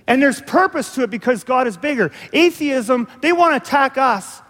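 A male pastor preaching a sermon in a church, swinging from hushed, earnest stretches to loud, impassioned ones. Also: very high-pitched, expressive, normal speed, in a large hall.

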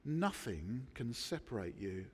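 A man preaching a sermon, emphatic, with dramatic pauses between words. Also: medium pitch, big pitch swings, a little mellow, slightly rough, in a large hall. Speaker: pastor. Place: church.

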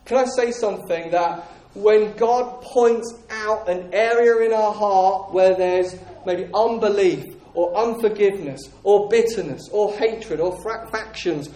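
A man's voice: high-pitched, a little slow, few pauses, mellow. A man preaching a sermon in an emphatic style, hammering home his points through repetition. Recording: echoey room.

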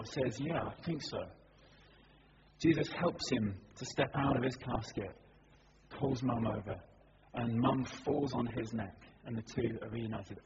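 A man preaching a sermon as a dramatic story, shifting between hushed and loud, at a church service. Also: mid-range voice, in a large hall. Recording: dull recording with background noise.

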